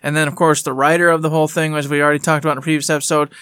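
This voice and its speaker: A man with a slightly higher voice co-hosts a casual gaming podcast, talking in an animated, chatty way. He often acts out what other people said in little put-on voices. The recording is dry and close, with no room sound. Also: racing, clear, resonant tone, no echo. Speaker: podcast co-host.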